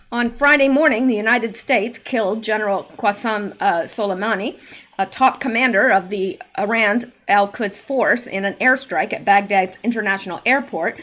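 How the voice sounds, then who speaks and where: A woman with a slightly high voice delivers solo political commentary. She reads news items aloud and breaks in with sarcastic asides, many fillers and now and then a cleared throat. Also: fairly bright tone. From Canada.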